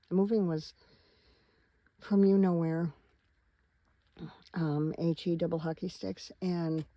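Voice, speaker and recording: A woman's voice: deep voice, gravelly, warm tone, dry recording, poor audio. A tired middle-aged woman vlogging from inside her parked van at night, chatting in a rambling, wandering way straight to her viewers. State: tired, yawning. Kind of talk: casual rambling vlog chat.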